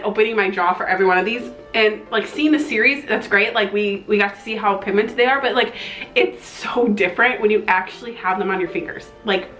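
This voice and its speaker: A young woman with a twang, gushing excitedly as she reviews a makeup palette in a casual vlog. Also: medium pitch, echoey room, low-quality recording. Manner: gushing, excitable, slangy, with breathy exclamations. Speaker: beauty vlogger.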